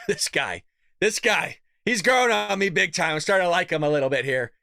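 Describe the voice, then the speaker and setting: A man's voice: high-pitched, lively intonation, normal speed, creaky, pushed and bright, no room sound, studio quality. A man hosting his own political commentary show, talking bluntly and animatedly, with laughing asides. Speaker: host.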